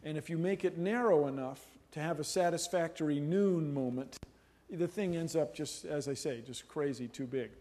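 Animated joking man lecturing. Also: a little high, moderate pace. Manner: animated, jokey, playful voices and laughs. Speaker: guest lecturer. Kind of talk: humorous university lecture.

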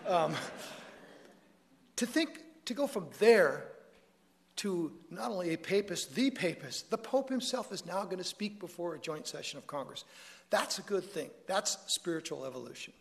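A man's voice: high voice, lively intonation, normal speed, gravelly. A man giving a public talk to an audience, conversational and prone to joking asides and self-corrections. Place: lecture hall with an audience. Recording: long reverb of a large hall.

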